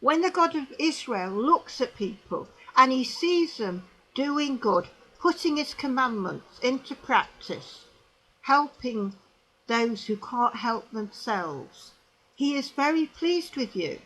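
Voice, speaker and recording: Animated, high-voiced woman preaching her view. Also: slow pace, low-quality recording. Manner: emphatic, repetitive, tag questions to the viewer. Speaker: religious commentator. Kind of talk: religious commentary monologue to camera.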